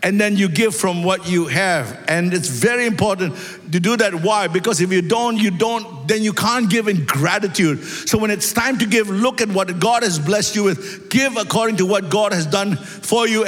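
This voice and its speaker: A man preaching a sermon in an animated way, asking the congregation rhetorical questions and building up emphasis. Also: high voice, normal speed, soft background music. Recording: long hall reverb.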